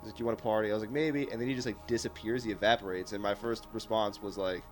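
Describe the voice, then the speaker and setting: A man's voice: fairly low pitch, fairly even intonation, fast talker, faint music behind. A man player telling a story casually, with laughs.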